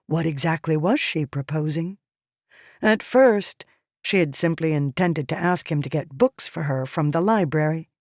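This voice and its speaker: A woman reading a fantasy novel aloud in measured scripted narration. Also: low-pitched, a little mellow, dry recording, clean studio sound. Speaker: audiobook narrator.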